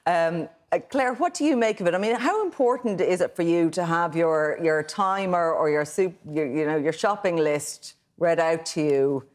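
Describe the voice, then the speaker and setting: An Irish woman hosts a television panel discussion, chatty and loose with her fillers. Her voice sits low for a woman. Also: normal speed, few pauses. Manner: relaxed, chatty, with frequent fillers. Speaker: TV current affairs host.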